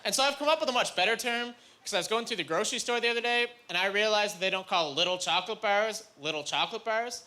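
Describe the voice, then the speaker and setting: A man from Canada doing stand-up comedy, rambling through self-deprecating stories with quick asides, recorded live. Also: high voice. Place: comedy stage before a live audience. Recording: live club recording with loud crowd.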